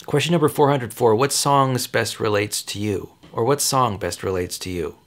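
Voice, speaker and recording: A man's voice: medium pitch, moderate pace. A man in his forties, a father, rambling casually to the camera with frequent chuckles and self-corrections. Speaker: father giving advice. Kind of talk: casual direct-to-camera chat.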